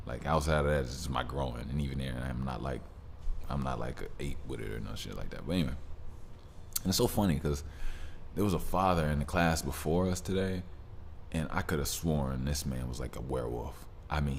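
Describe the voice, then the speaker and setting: A man's voice: extremely low pitch, gravelly, a little hiss or hum. A man hosting a solo podcast, talking in a rambling, laid-back way with lots of fillers and restarts. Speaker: podcast host. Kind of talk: casual solo podcast monologue.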